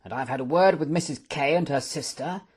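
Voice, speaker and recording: A man voicing a gruff, commanding old lord. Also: a little high, fairly quick, a little mellow, pitched above the performer's own voice. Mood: stern. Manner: gruff, authoritative. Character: stern elderly male lordship, commanding.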